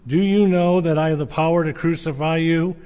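An uneasy, pleading Roman governor as a man reads him out in a fairly high, measured voice. The words ring out through a long-echoing hall. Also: fairly even intonation, dark tone, clear, resonant tone, lightly acted. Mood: earnest. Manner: measured, earnest reading. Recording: reverberant hall.

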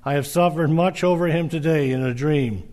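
A man's voice: a little high, a little mellow, lightly acted. An anxious governor's wife, read by a man. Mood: warning. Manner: measured, earnest reading. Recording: reverberant hall.

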